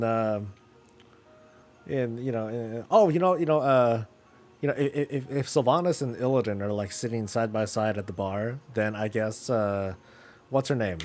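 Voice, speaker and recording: A man's voice: mid-range voice, darkish tone. A man streaming a casual chat about games, rambling with many fillers and restarts.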